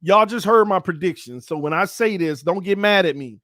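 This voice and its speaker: A man hosting his own sports fan channel, giving casual commentary to viewers in a playful, excitable way. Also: high voice, moderate pace, no room sound, clean studio sound. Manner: playful, excitable, swings between calm and shouting.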